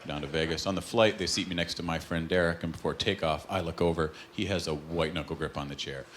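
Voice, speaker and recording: A Canadian man performing a stand-up comedy set on a club stage, deadpan punchlines broken by sudden put-on voices. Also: low-pitched, quick pace, slight background noise. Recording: live stage with loud audience laughter.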